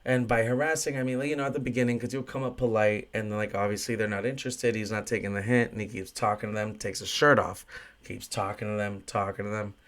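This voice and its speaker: Young male bar-worker host, lowish voice, chatty profane rant, casual monologue. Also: level tone, fast talker, a bit bright. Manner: profane, ranting, frequent fillers. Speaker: bartender and podcast host.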